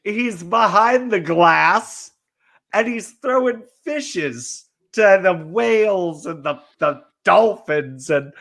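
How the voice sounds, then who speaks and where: A man co-hosting a casual podcast, telling a comic tall tale in a deadpan, joking way. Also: high voice, creaky. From California. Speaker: podcast co-host.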